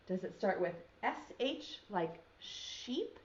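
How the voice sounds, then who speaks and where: A woman's voice: mid-range voice, big pitch swings, takes it slowly, hardly any pauses, lo-fi sound. A young woman teaching a virtual preschool lesson, talking to small children in a sing-song, encouraging way and stretching out sounds.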